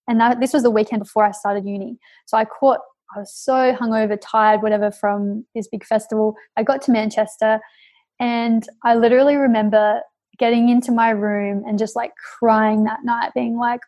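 Flat-toned chatty young woman. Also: a little high, moderate pace. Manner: chatty, laughs often, many fillers. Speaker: guest. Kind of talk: casual conversational storytelling.

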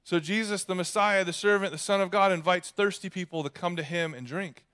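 A man's voice: high voice, a little fast, sharp tone, clear, resonant tone. A young man preaching a sermon in a conversational, joking manner. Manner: conversational, jokey preaching with acted asides. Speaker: pastor.

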